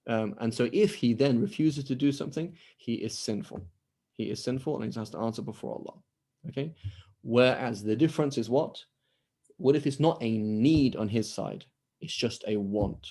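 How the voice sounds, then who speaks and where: Mellow-voiced male teacher, conversational. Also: medium pitch, normal speed. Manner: conversational, acts out quoted dialogue. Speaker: Islamic studies teacher. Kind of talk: online lecture with Q&A. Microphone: video call.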